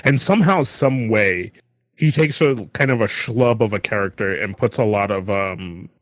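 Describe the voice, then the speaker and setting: A man's voice: lowish voice, normal speed, dry recording. A man co-hosting a casual podcast chat, rambling and checking in with "right?" a lot. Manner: rambling, lots of fillers and "right?". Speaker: podcast co-host.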